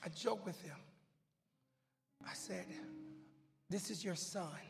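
High-voiced gravelly man preaching in a hall. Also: takes it slowly. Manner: dramatic storytelling, swinging from hushed whispers to shouting; loud and goofy. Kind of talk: sermon. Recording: long hall reverb with faint music.

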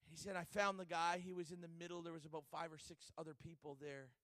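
A man's voice: on the high side, flat delivery, fast, bright, forceful tone, dry recording, studio quality. A man preaching a sermon, telling a story dramatically and acting out the people in it.

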